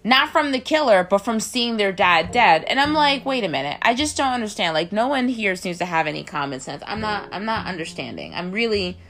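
A woman's voice: big pitch swings, normal speed, hardly any pauses, a bit bright. A woman casually reviewing a film, incredulous and rambling, filling her talk with "like" and squealing the characters' lines. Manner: incredulous, rambling, heavy use of "like"; acts out characters' lines in squealing high voices. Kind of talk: casual movie review rant.

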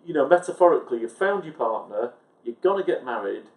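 A man co-hosting a casual chat, telling stories in an animated, emphatic way. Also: mid-range voice. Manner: animated storyteller, quick and emphatic. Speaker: podcast co-host, recruiter. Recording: echoey room.

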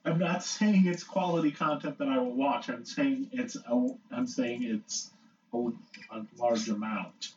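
A man's voice: a little high, animated, a little slow, few pauses, a little mellow, slight background noise. A young man co-hosting a casual podcast chat, earnest and slightly defensive. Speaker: podcast co-host. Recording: distant, dull-sounding mic.

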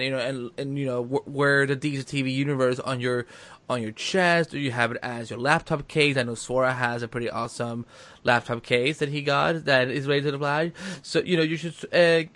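A man's voice: medium pitch, a bit bright. Rambling male podcast host. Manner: rambling, many restarts and fillers. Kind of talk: casual podcast chat.

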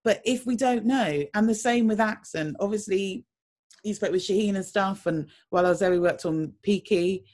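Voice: medium pitch, normal speed, a little mellow. Rambling casting director giving advice. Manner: thoughtful, rambling, with many fillers and restarts. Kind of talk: casual interview answers.

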